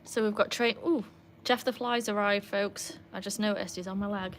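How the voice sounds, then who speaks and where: A woman chatting casually on a livestream from beside a backyard pool, breaking into a high sing-song voice to praise her dog. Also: fairly even intonation, normal speed. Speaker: livestream host and dog owner. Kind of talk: casual live chat. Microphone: phone.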